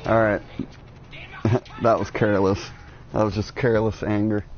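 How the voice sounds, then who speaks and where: A man's voice: on the low side, level tone, moderate pace, lo-fi sound, slight background noise. A man giving jokey, rambling commentary while playing a video game, cursing often and drifting into absurd tangents. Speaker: let's play gamer.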